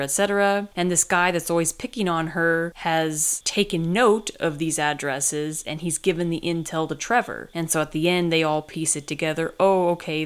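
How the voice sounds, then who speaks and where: A woman podcast host reading a first-person novel aloud and then recapping the plot casually. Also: on the low side. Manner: steady storytelling read, then casual recap.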